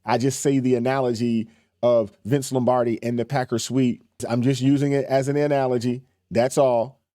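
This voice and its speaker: Man, reaction host, emphatic, repetitive, dark warm tone, dry sound. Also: medium pitch, dry recording. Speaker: commentary channel host. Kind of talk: reaction commentary.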